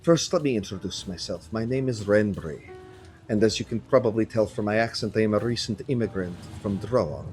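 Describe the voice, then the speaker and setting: A man voicing a suave male minotaur who speaks softly and earnestly in a soft fictional Dromish accent, in a tabletop game. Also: fairly low pitch, a little fast, soft background music, pitched below the performer's own voice, lightly acted.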